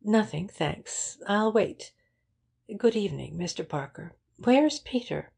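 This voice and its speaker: Narrator doing a frantic young noblewoman, pitched up high, slow and husky, breathless pleading. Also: lively intonation, a little mellow, exaggerated voice. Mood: anxious. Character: distraught young aristocratic woman, frantic.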